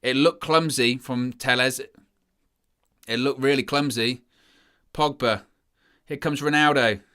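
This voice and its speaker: A man commentates live over a match, ranting with weary sarcasm about his side. His voice is bright and forward, and his delivery swings between flat disbelief and raised frustration. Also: medium pitch, unhurried. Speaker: fan channel presenter.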